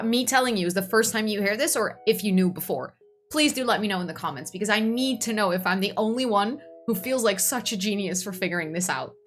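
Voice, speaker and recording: A young woman giving casual commentary on a life-simulation game, gushing and excitable as she talks to her viewers. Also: medium pitch. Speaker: gaming YouTuber.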